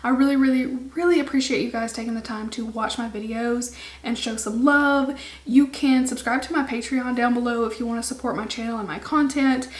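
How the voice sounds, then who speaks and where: Chatty young woman, high voice. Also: fairly even intonation, a little fast, echoey room. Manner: chatty, rambling, frequent ums. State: starting to lose her voice. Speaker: beauty vlogger. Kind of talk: casual chat to camera.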